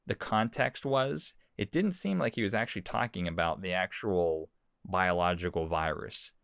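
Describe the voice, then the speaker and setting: A man's voice: low-pitched, gravelly, a bit bright, dry recording, studio quality. A man hosting a talk show, giving casual commentary and reading quotes aloud, often repeating words. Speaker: host. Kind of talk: commentary on news and social posts.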